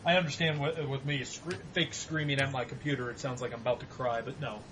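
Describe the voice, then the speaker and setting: Guy cohosting a gaming podcast, animated, cusses a lot, faint hum behind. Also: mid-range voice, quick pace. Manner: animated, swearing, mock-yelling at games. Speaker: podcast co-host. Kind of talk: casual gaming chat.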